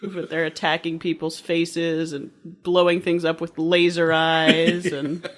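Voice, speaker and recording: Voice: medium pitch, completely flat delivery, measured pace, a bit bright. A podcast co-host in casual conversation, detailed and nitpicky, laughing often. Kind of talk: casual chat.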